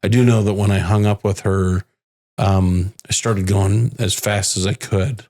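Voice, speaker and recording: Low gravelly father telling his story. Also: steady tone, darkish tone. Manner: halting, restarts often, quotes others' words. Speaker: bereaved father, podcast guest. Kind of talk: emotional personal storytelling. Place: home in the Phoenix area.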